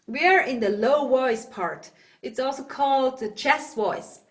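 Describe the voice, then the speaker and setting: A woman with a Swiss German accent teaching yodel online, explaining in halting English and breaking into loud calls and dog barks. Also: high voice. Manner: halting, searches for words. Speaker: yodel instructor. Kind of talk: online singing lesson. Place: home, video call.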